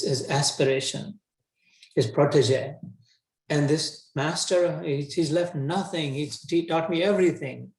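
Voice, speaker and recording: Man voicing a pleading warrior prince. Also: fairly high pitch. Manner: incredulous, pleading, colloquial. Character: anguished young warrior prince pleading with his mentor. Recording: roomy echo.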